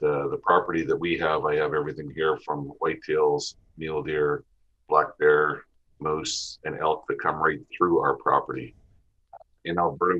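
Man, Canadian accent, very deep, husky, podcast guest, easygoing. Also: muffled recording. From Western Canada. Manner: easygoing, lists places and seasons. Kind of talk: casual podcast interview.

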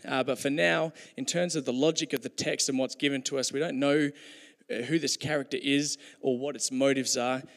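A man delivers a sermon in a relaxed, conversational way, dropping in jokes for his listeners. His voice has a gravelly edge. It rings with the long reverb of a church hall. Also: mid-range voice, moderate pace. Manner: conversational, joking asides. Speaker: preacher.

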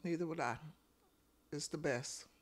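A woman's voice: deep voice, measured pace. A woman co-hosting a podcast with her grown daughter, giving supportive replies in casual chat. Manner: supportive, brief agreeing replies. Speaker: podcast co-host, the other host's mother.

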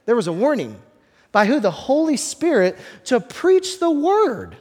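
Conversational preacher in a reverberant hall. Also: male voice, extremely high pitch, wildly swooping pitch, measured pace, a little mellow. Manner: conversational, repeats words as he builds a point; joking asides to the congregation. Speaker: pastor. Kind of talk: sermon.

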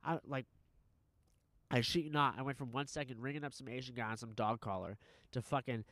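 A man recounts a story in casual conversation, animated and heavy on profanity and filler words. His voice sits at an ordinary pitch. The recording is dry and close. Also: brisk, no echo. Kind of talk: casual chat.

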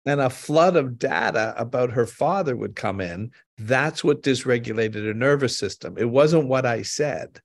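A man's voice: medium pitch, normal speed, gravelly, hardly any pauses, no room sound. Earnest man host, dry close voice. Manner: earnest, explanatory, tells personal stories. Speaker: podcast host. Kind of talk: conversational storytelling.

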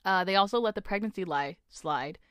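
A young woman co-hosting a casual book-club podcast animatedly retells a novel's plot, swearing often and voicing the characters' lines. Her medium-pitched voice is smooth and a little fast, recorded in studio quality with no echo.

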